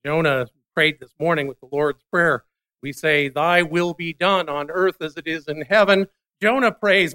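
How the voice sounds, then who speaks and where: A man preaching a sermon, retelling a Bible story with lively voiced dialogue. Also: on the high side, moderate pace, clean tone. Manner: animated storytelling, voicing biblical characters. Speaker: pastor.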